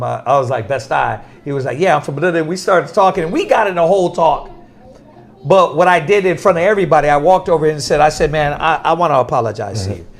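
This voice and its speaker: High-voiced man telling stories, animated. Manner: animated storytelling, laughs often, drops to soft quoting voice. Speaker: preacher. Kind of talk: casual religious teaching.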